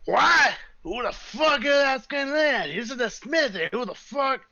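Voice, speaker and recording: Gruff old dwarf blacksmith, loud, cursing, high and sharp, dull lo-fi sound. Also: male voice, expressive, measured pace, no room sound, exaggerated voice. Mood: angry. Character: grumpy foul-mouthed old male dwarf blacksmith.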